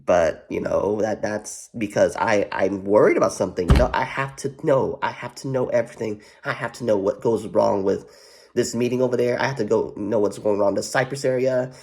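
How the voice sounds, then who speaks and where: Rambling male vlogger, low and gravelly, swears freely, loops on fillers. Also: fairly quick, darkish tone. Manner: rambling, heavy filler "you know what", profane, repeats himself. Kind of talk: casual rambling commentary.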